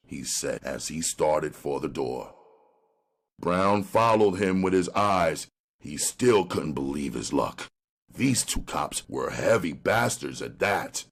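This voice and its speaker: A man narrating a crime audiobook in an expressive storytelling manner. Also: sits low, takes it slowly.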